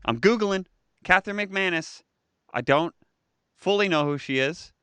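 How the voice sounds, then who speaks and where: Guy cohosting a live stream, joking around, slightly high voice, dry close mic. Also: a little slow, clean tone, no room sound. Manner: animated, jokey, mimics voices. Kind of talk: casual chat, reading viewer comments.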